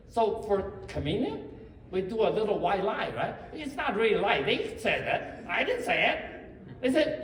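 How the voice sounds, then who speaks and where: A man's voice: high voice, sing-song, unhurried, a little hiss or hum. A man from China giving a rambling, joking conference talk, heard from far off in an echoey hall. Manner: rambling, joking, self-deprecating asides. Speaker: conference speaker.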